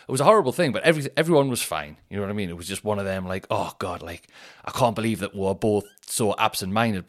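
A podcast host with a lowish voice does casual comedic storytelling, rambling and swearing through an animated retelling full of shouted, put-on quotes.

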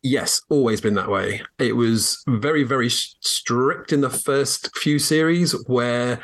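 A man's voice: medium pitch, unhurried, a bit bright. A man from England, guest co-host on a podcast, who laughs often and explains at length with fillers. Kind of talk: casual podcast chat.

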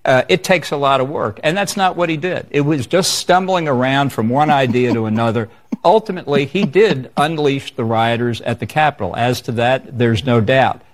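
A man answering questions in a televised interview, speaking in a measured, assertive, argumentative way. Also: mid-range voice. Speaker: interview guest.

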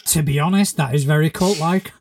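A man's voice: fairly high pitch, fairly quick, gravelly, very noisy. Joking male podcast co-host from Spain. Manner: jokey, swears freely. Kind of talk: casual chat.

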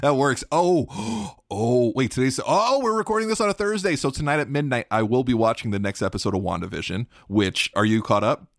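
A man co-hosting a podcast, chatting in an excitable, animated way and acting out playful quotes. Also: medium pitch, fairly quick, gravelly, few pauses, dry recording, studio quality. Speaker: podcast co-host. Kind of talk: casual chat.

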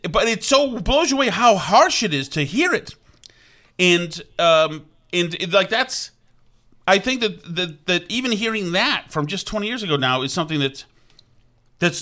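A middle-aged man talks in a loose, rambling chat, circling back on himself with restarts and asides. His voice sits a touch high for a man and rings bright and forward. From Vermont. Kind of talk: casual chat.

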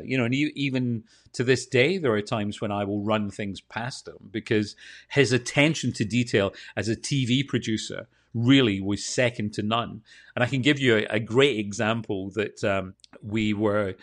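A Scottish man from Scotland with a Scottish accent, a TV presenter telling animated anecdotes in a casual interview. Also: mid-range voice. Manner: animated anecdotes, quotes others. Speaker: TV and radio presenter, guest.

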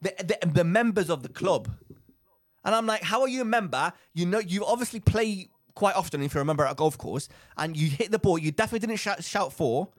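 A young man telling a story in a casual podcast chat, with animated, rambling delivery that circles back and repeats phrases. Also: high voice, fast talker, few pauses, no echo, clean studio sound. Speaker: podcast co-host.

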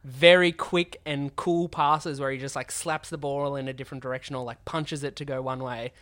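A man hosting a podcast while sick with a cold, his voice raspy from a sore throat, talking eagerly in casual chat. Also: medium pitch, fairly even intonation, normal speed, a bit bright. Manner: enthusiastic, gushing. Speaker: podcast host.

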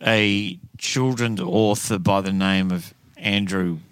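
A man's voice: low-pitched, steady tone, slow pace, fairly bright tone, smooth, dry recording. An Australian comedian chatting casually in a green room, telling stories and acting out the voices of people he quotes. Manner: storytelling, acts out quoted voices. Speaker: comedian guest.

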